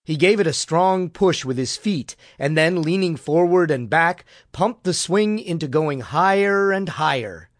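A man narrates a children's story at an even, measured pace. His voice sits a little high and moves a lot in pitch. The recording is dry and close. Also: no echo. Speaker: audiobook narrator. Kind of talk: scripted narration.

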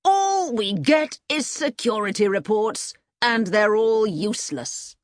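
A woman voicing an agitated male army colonel in an audiobook reading, loud and urgent. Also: mid-range voice, big pitch swings, unhurried, dry recording, studio quality.

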